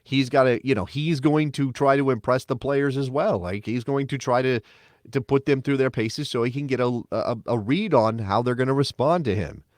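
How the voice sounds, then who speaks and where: A man co-hosting a casual sports podcast, talking in an animated, emphatic and sarcastic way. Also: mid-range voice, normal speed, no echo, studio quality. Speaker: podcast co-host.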